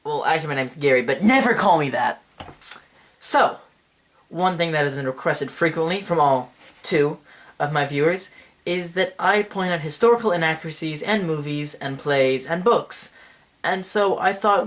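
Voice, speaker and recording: A young man hosting a comedy history vlog, talking in a self-mocking way with quick asides and a put-on accent. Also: a little high, a bit bright. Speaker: host.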